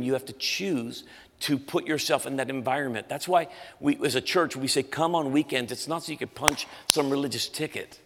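A middle-aged male pastor preaching a sermon with intense conviction, pushing his voice hard at emotional peaks. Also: medium pitch. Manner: intense, rising to shouts when telling a story. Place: church auditorium. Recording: live in a large reverberant hall with faint music.

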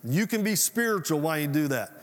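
A man preaching in a folksy, chatty way, throwing questions back at his congregation. His voice sits a little higher than most men's. The sound rings with the long reverb of a church hall. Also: animated, fast. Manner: folksy, conversational preaching with audience call-outs. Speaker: pastor. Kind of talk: sermon.

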